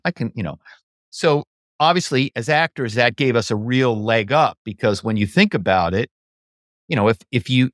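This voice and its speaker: A man tells stories as a podcast guest in an animated, chatty way, often saying "you know". His voice sits at a middle pitch. The recording is dry and close to the mic. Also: dry recording. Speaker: podcast guest, former actor. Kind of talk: casual interview talk.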